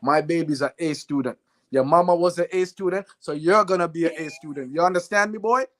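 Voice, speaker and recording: A man's voice: a little high, a little fast, a bit bright, natural voice. A man putting on the voice of a strict mother with a Jamaican accent, scolding her teenage son. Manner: firm, scolding, demanding.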